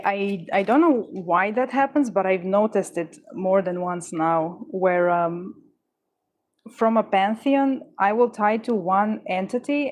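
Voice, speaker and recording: A woman's voice: mid-range voice, a little mellow. A woman hosting a livestream, chatting casually with viewers and stuttering, with frequent restarts and fillers. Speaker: livestream host. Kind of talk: casual chat answering viewers.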